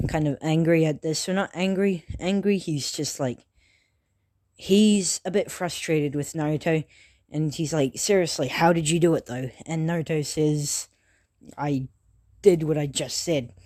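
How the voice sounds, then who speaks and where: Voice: mid-range voice, darkish tone. Someone making up a fan story as they go, lots of restarts and fillers, swears casually, home mic. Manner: rambling, loose and unscripted, full of self-corrections. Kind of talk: improvised fan-fiction retelling.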